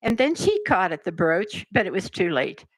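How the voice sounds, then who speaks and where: An older woman reading a children's story aloud, narrating in an expressive, measured way. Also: lowish voice, no echo. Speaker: resident reader.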